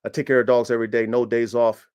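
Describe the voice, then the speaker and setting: This dog breeder and podcast host talks fast on his livestreamed dog show, his medium-pitched voice fairly flat, slightly mellow and smooth. Over the streaming setup his manner is boastful and combative, peppered with emphatic slang.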